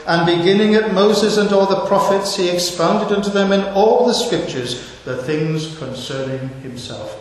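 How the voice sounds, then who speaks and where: A man's voice: high voice, moderate pace, hardly any pauses. A man preaching an expository sermon, asking rhetorical questions and stressing key words. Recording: echoey hall with hiss.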